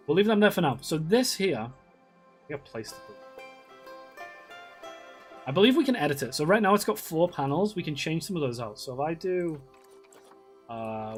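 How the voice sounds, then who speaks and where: A talkative man streaming a game, his voice sitting a little high for a man as he rambles to his chat. He swears freely and trips over his own restarts. Faint music plays behind him. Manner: chatty, rambling, swears often, many restarts. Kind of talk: casual live-stream chat.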